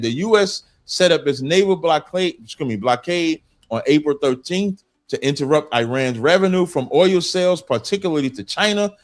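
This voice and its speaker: A man on a political panel, insistently reading points aloud and adding his own comments. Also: on the high side. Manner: insistent, reads text aloud then comments. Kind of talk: heated panel debate.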